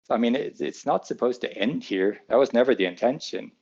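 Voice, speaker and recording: A man's voice: medium pitch, expressive, brisk, creaky, a little mellow, slightly rough, highs cut off. A man answering fan questions in a live Q&A as a club co-owner, earnest and a little defensive, often repeating words.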